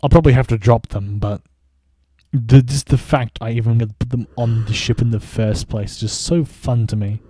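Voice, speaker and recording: A man's voice: mid-range voice, fairly even intonation, moderate pace, warm tone, dry recording. A man streaming a video game, giving casual, wry commentary with frequent chuckles. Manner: wry, amused, chuckles often.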